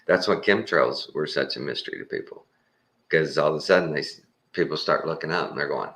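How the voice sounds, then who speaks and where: Texan man, very deep voice with a bright, pushy edge, casual rambling host who chuckles a lot. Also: a little fast. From Texas. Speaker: channel host. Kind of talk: casual monologue.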